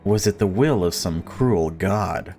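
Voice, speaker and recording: Low-voiced man reading a horror game aloud. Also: slow pace, a little mellow, slightly rough. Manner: jokey, laughs at himself. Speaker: gaming YouTuber. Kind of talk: reading a visual novel aloud with commentary.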